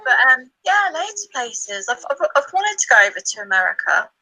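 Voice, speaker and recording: Bright chatty woman in her thirties. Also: high voice, sing-song, moderate pace, low-quality recording. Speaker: podcast guest. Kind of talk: casual podcast chat.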